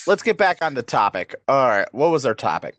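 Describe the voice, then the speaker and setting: A man's voice: medium pitch, very animated, fairly quick, a bit bright, no room sound. Rambling, self-mocking male podcast co-host. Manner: rambling, self-deprecating, laughs easily. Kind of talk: casual chat.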